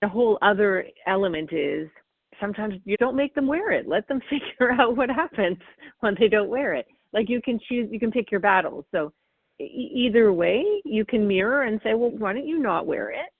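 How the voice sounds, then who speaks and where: A woman parenting expert answering interview questions, animated and acting out what parents and children say. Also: medium pitch, normal speed, no echo. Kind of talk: interview answers, explaining technique. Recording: phone-like dry call audio.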